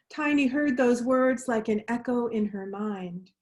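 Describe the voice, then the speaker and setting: A woman minister telling a story during a worship service, gently leading the congregation in responsive lines. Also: on the high side, a little slow, few pauses. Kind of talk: storytelling sermon.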